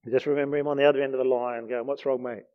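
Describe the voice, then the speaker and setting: A man preaching a heartfelt, earnest sermon. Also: medium pitch. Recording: dull lo-fi recording.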